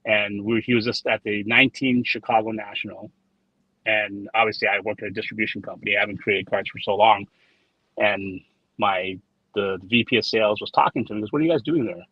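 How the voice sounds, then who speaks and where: A man's voice: fairly low pitch, little pitch movement, a little fast, slightly rough, no echo. A man being interviewed in casual conversation, rambling and repeating words as he tells anecdotes with quoted dialogue. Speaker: trading card designer, guest. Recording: dull lo-fi sound, dry.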